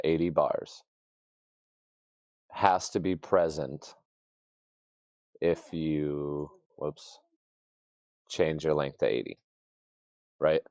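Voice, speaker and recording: A man with an extremely deep, low voice talks trading in a loose, rambling way, full of restarts and homespun analogies. The sound is dry and close, with no room around it. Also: darkish tone, dry recording. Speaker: trader. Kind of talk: casual trading chat.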